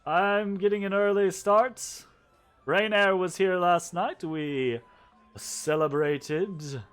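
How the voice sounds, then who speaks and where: A man voicing a hungover, boisterous and forgetful male scholar in a tabletop game, with loud exclamations. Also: high voice, fairly even intonation, slow, clear, resonant tone, soft background music. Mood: boisterous drunk. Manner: loud, exclamatory, slurred enthusiasm.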